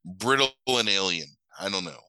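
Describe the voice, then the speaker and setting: A man's voice: fairly low pitch, normal speed, pushed and bright, no echo, poor audio. Sick man rambling through a movie recap. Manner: rambling, crude, self-correcting retelling. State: sick with a cold. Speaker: podcast co-host recapping a film. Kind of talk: casual profane chat.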